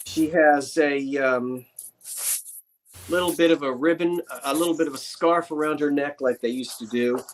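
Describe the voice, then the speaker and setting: A man's voice: on the high side, normal speed, slight background noise. A man running a live-streamed auction sale, describing items in a chatty, rambling way with joking asides.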